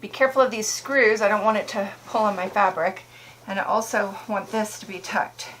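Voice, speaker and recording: A woman talks casually through a hands-on project, thinking aloud in a chatty, upbeat way. Her voice sits at an ordinary middle pitch. A faint noise hums behind her in a small camper. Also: steady tone, brisk, a bit bright, rough recording. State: out of breath at times. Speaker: DIY vlogger. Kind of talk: casual talk-through while working. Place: camper interior.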